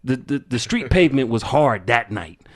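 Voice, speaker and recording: A man co-hosting a wrestling podcast in a casual chat, excitable, often stumbling and repeating words as he starts a point. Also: medium pitch, normal speed. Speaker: podcast co-host.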